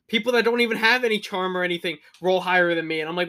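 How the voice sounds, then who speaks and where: A man co-hosting a podcast, telling stories about tabletop games in an animated, profane way. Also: high voice, racing. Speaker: podcast co-host. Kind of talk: casual chat.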